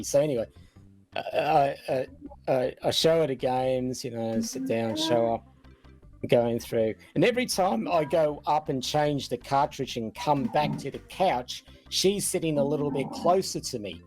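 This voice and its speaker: A man's voice: mid-range voice, expressive, normal speed, a little mellow, soft background music. Laughing man telling a story. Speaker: panel guest, former game hotline worker. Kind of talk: casual storytelling on a podcast panel.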